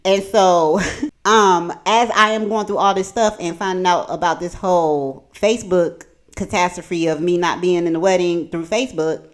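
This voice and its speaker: Woman spilling family drama, swearing a lot, super animated, cooking in her kitchen. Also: lowish voice, normal speed. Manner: profane, animated storytelling. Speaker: vlogger. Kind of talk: casual storytime. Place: home kitchen.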